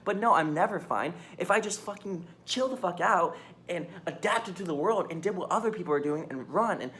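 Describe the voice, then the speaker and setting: A woman's voice: on the low side, lively intonation, fairly quick, fairly bright tone. A young woman vlogging a raw, rambling confession into her phone, swearing and filling with "like". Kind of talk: candid personal confession to phone camera.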